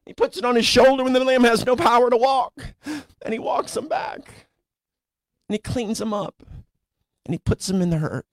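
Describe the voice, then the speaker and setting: A male pastor preaching a sermon in a conversational storytelling way, sometimes rising to animated emphasis. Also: very high-pitched, normal speed, dry recording. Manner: conversational storytelling preacher, voices characters casually.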